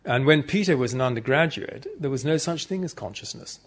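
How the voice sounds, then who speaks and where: A man's voice: medium pitch, lively intonation, fairly quick. A man giving an informal, good-humored conference talk, chatting directly with the audience. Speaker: conference speaker.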